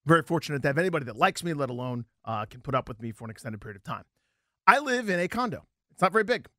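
A man's voice: a little high, big pitch swings, rapid-fire, sharp tone, no room sound, clean studio sound. A man in his thirties co-hosting a casual sports talk show, ranting comically with repeated punchlines. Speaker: podcast co-host.

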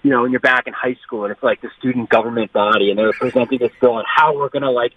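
A man's voice: mid-range voice, fairly even intonation, fast talker, a little hiss or hum. A male caller on the phone, rambling casually with lots of "like". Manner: rambling, many likes. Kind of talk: casual chat. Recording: tinny phone line.

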